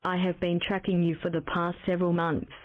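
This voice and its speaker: A synthetic woman's voice reading game text aloud in an even, mechanical way. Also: lowish voice, fairly quick, no room sound. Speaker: text-to-speech game narrator. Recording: tinny phone-like dry sound.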